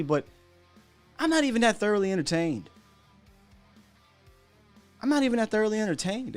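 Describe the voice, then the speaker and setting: A man hosting a casual sports show, chatty and animated, often asking rhetorical questions and laughing at himself. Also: high-pitched. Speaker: sports podcast host.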